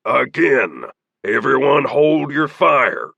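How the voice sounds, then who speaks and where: A man voicing a stern, commanding bearded gang leader who barks orders and shouts, in a dry, husky audiobook read. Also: medium pitch, big pitch swings, slow pace, no room sound, lo-fi sound, exaggerated voice.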